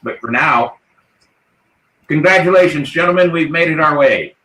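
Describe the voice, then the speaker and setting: A man's voice: fairly high pitch, moderate pace, bright, forceful tone, reverberant, poor audio. A man hosting a live pirate-themed podcast, talking in a hearty, playful way as the ship's captain. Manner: hearty, toasting, rallying the crew. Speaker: podcast host.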